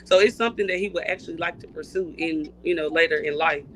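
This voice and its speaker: A woman's voice: low-pitched, fast, slight background noise, poor audio. A woman from Louisiana, a mother telling stories as a guest in a casual chat. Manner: animated storyteller, laughs while telling.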